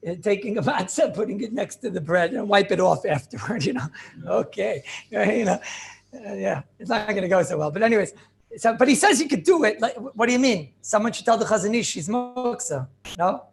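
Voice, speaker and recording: A man's voice: high voice, animated, brisk, creaky, a little hiss or hum. A man giving an informal Torah class, rambling and joking, with many fillers and questions put to his students. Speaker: rabbi teaching a class.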